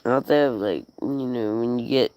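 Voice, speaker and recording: A woman's voice: very deep voice, a little slow, dark tone, no room sound. A woman talking casually to the camera and her dog, profane and giggly, slipping into playful baby-talk. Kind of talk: casual rambling vlog to camera.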